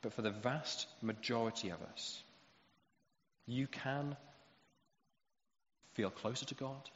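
A man's voice: medium pitch, slow, a little hiss or hum. Man preaching in an echoey hall. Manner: animated storytelling, acts out quotes. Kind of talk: sermon. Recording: roomy hall echo, dull lo-fi sound.

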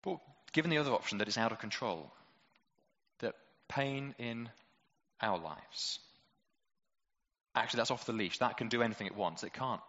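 A man's voice: medium pitch, moderate pace, long pauses, fairly bright tone, big-room sound, highs cut off. A male preacher giving a conversational sermon with many rhetorical questions and playful asides.

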